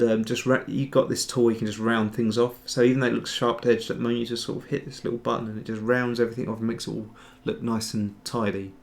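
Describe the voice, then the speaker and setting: A man's voice: mid-range voice, gravelly. A man hosting a casual livestream tutorial, rambling and chatty as he answers viewer chat while he works. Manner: rambling, chatty, trails off and restarts. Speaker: host, 3D sculptor.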